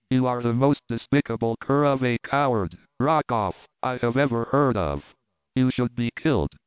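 A man reading the lines of a powerful, jungle-raised hero in an audiobook, making calm, deliberate threats. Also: medium pitch, dry recording, natural voice. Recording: crisp, dry, phone-like narrow sound.

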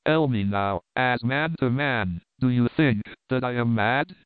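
A man voicing a haunted, agitated middle-aged sea captain who speaks in a hushed, urgent way. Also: mid-range voice, a little slow, clean tone, dry recording, lightly acted. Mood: pleading. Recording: narrow phone-like band.

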